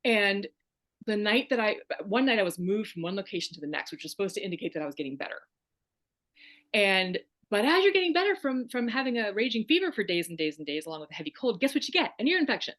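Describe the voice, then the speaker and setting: A woman's voice: medium pitch, sing-song, quick pace, fairly bright tone. A woman guest on a podcast, telling her own story in an emphatic, wry, candid way. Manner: emphatic, wry, acts out quoted voices.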